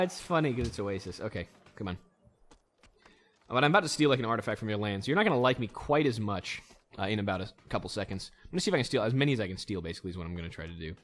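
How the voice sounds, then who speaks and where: Guy doing let's play commentary, goofy and rambly, talks to the game, sings bits here and there, normal pitched voice. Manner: breaks into goofy voices and song snippets. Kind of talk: casual gameplay commentary.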